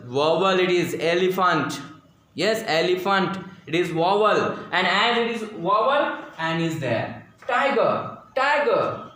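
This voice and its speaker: Slow, high-voiced Indian male teacher. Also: fairly bright tone. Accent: Indian English. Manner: slow, repetitive, drills pronunciation aloud. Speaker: school teacher. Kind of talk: classroom grammar lesson. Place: classroom. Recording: echoey classroom, very roomy.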